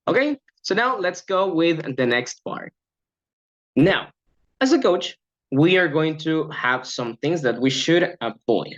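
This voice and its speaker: A man's voice: on the high side, very animated, takes it slowly, a bit bright, dull audio. A man training language coaches in an upbeat lecture, acting out short classroom examples.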